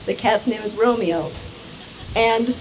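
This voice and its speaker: A woman's voice: medium pitch, slow, background noise. Playful woman giving a gift speech. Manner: playful and chatty, laughing along. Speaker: wedding guest presenting gifts. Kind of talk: wedding reception speech. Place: wedding reception hall. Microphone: handheld microphone.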